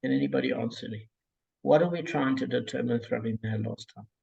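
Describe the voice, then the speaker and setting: A man leading a casual group study over a call, talking in a relaxed, digressive way with many fillers and a gravelly, husky voice. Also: mid-range voice, fast, dull audio. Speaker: Talmud study group leader.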